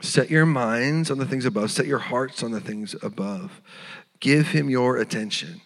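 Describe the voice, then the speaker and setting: A male pastor delivers an earnest, tender sermon in a mid-range voice. His words ring out with a long reverb from a church sanctuary, and now and then he drops to a hushed tone. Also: mid-range voice, normal speed, gravelly. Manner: earnest, tender preaching with soft hushed moments.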